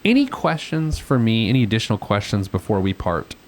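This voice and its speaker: A man's voice: on the low side, sing-song, a little fast, a little hiss or hum. A man hosting a financial advice podcast, chatting casually with a caller, rambling with lots of fillers and self-deprecating asides. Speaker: financial planner and podcast host.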